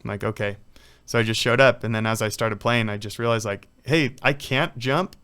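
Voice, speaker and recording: A man's voice: on the low side, flat delivery, fast, a bit bright, clean tone. A man, a professional athlete, talking casually in an interview, rambling through stories with lots of "like" and "you know.". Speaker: guest, professional water polo player.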